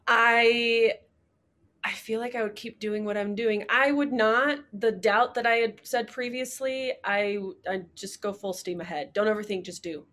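A woman's voice: a little high, unhurried, fairly bright tone. A woman guest in a casual interview, effusive and emotional as she talks. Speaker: podcast guest, coach.

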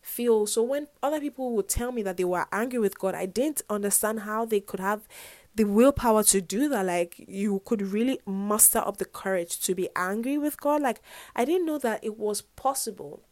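With a darkish tone and no echo, this young woman's medium-pitched voice keeps a moderate pace. She's a university student in her twenties, reflecting earnestly on her faith in a casual confessional vlog, rambling and scattering "like" and "whatnot" throughout.

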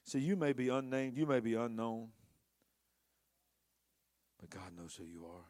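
A man preaching a passionate sermon, swinging between hushed, intimate lines and loud, rising storytelling. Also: medium pitch, expressive, a little slow. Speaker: pastor.

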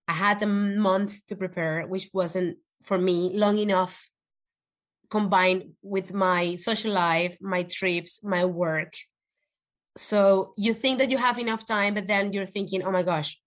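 A woman guest in an interview, telling an emotional personal story in an earnest, animated way, with frequent restarts. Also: mid-range voice. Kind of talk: conversational podcast interview.

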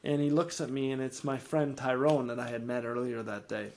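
A man, podcast co-host and ministry founder, telling a faith testimony with lively rises in energy and frequent word repeats. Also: brisk. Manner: animated, rises in pitch and energy when excited; repeats words and restarts sentences. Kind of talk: storytelling testimony in an interview.

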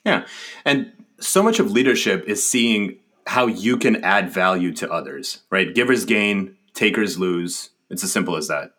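Low-voiced podcast host. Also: male voice, lively intonation, measured pace, a bit bright, slightly rough. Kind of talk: podcast interview questions.

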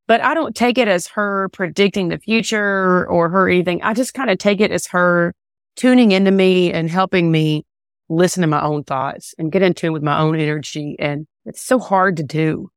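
A woman singer-songwriter talking casually in an interview, relaxed and rambling with many fillers and restarts. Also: on the low side, normal speed, smooth, no echo, clean studio sound. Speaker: country singer-songwriter guest.

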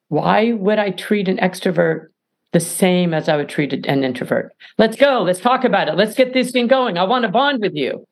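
A woman author as a podcast guest, talking in an emphatic, animated way and acting out little dialogues. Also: on the low side. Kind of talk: podcast interview.

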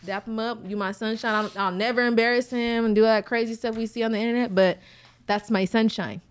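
A woman co-hosting a podcast, chatting in an animated, playful way. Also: on the high side, quick pace, smooth. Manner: animated, playful, talks over others. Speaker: podcast co-host. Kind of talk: casual chat.

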